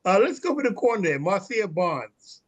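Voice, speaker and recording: High-voiced man hosting a video call. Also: very animated. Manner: halting, with many fillers and restarts. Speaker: meeting host. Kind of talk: online meeting introductions.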